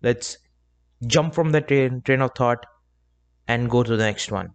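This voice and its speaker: In an unhurried, medium-pitched voice, a young podcast host talks on his own show. He wanders through a relaxed, chatty solo monologue with asides poking fun at himself.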